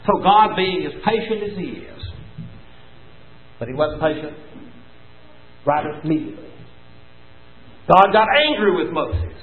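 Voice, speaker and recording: A man's voice: fairly high pitch, expressive, a little slow, long pauses. A man preaching a sermon, telling the story with emphatic rises and falls. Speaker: pastor. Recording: tinny phone-like sound, echoey room.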